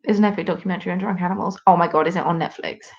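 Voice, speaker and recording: A woman's voice: fairly low pitch, fairly even intonation, very fast. Young British woman hosting a chatty live stream, self-mocking, slightly dull lo-fi sound. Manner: chatty and self-deprecating, reacting to viewer comments. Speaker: host of a live craft stream. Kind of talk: casual live-stream chat.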